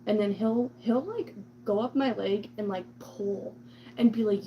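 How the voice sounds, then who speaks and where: In this casual cat vlog, the woman speaks unhurriedly at a medium pitch, chatty and full of "like" and "um," now and then cooing to the cat in baby talk. The recording cuts off the highs and carries a little hiss or hum.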